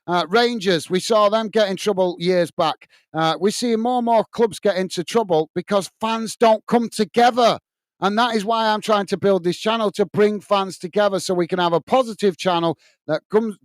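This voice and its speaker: High-voiced chatty man hosting a watch-along. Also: no echo. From England. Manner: chatty, restarting often with fillers, earnest. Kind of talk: live match commentary and chat. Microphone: headset earpiece.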